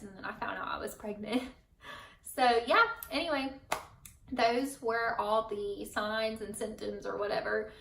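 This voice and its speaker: A young mother talks to her viewers in a loose, rambling chat, full of fillers and little laughs. Her voice is fairly high and bright. It sits back from the mic in a room with a noticeable echo. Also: distant mic. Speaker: vlogger, mother. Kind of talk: casual chat to camera.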